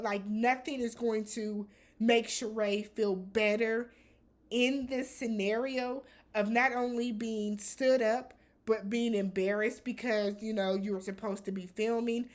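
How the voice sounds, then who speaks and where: A woman hosting a casual reality TV recap, talking in a blunt, animated way with some swearing. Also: fairly high pitch.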